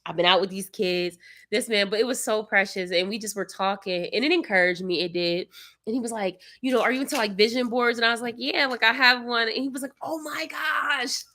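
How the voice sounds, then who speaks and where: A tired, congested young woman, casually telling a story to her livestream viewers. She acts out the people she quotes and sometimes bursts out loudly. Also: medium pitch, fast talker. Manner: animated storyteller, acts out quotes, sudden loud outbursts. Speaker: vlogger, mother of young kids.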